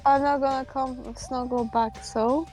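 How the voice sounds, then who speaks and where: High-voiced teasing woman gamer. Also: fairly even intonation, measured pace, darkish tone, faint music behind, low-quality recording. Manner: teasing, bossy, mock-insulting, laughs. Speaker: let's play co-host. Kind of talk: casual game chat, reading character lines aloud.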